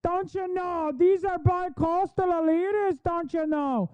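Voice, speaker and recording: A man putting on a mocking, exaggerated folksy Midwestern woman with a high, shrill caricature voice. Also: unhurried, darkish tone, dry recording. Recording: phone-like thin audio, dry.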